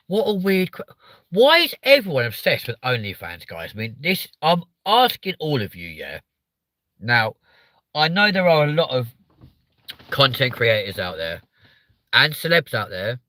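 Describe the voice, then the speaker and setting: A young man with a lowish, sharp-toned voice hosts a live stream, recorded dry. He chats with his viewers in a rambling, joking way, swearing freely.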